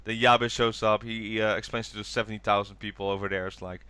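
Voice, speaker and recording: Tired male podcast co-host, low and crisp, dry close mic, rambling recap style. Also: completely flat delivery, quick pace, hardly any pauses, bright, forceful tone, no echo. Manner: rambling, acts out quoted lines in raised voices. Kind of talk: casual chat recapping a TV special.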